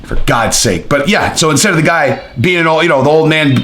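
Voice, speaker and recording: Male commentary host, slightly high voice, blunt and profane, rambling delivery, echoey room. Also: a little fast, fairly bright tone, a little hiss or hum. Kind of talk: casual opinion commentary.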